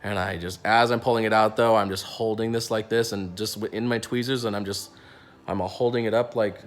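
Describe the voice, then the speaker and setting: A young man with a fairly low voice tells a workplace story in a loose, animated way. He jumps into other people's voices and stumbles through restarts and fillers as he goes. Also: a little fast. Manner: animated, acts out quotes, many restarts and fillers. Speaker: dentist. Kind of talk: casual storytelling.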